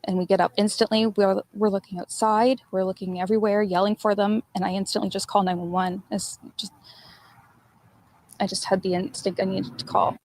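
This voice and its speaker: A woman speaking as the mother of missing children in a news interview clip, recounting events haltingly. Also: medium pitch, little pitch movement, a little mellow.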